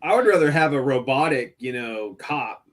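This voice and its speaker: A man's voice: medium pitch, expressive, moderate pace, a crowd in the background. A middle-aged man on a stream, telling a story in casual profane chat. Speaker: stream co-host.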